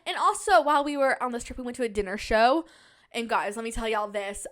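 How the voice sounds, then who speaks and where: A woman's voice: fairly high pitch, brisk. A young woman hosting a casual solo podcast, telling rambling stories with jokey asides. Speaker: podcast host. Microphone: podcast microphone on a stand.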